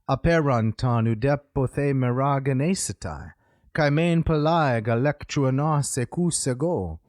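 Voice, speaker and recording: A man's voice: on the high side, a little mellow, no echo, clean studio sound. Man reciting as an old man in ancient verse. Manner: slow, measured metrical recitation.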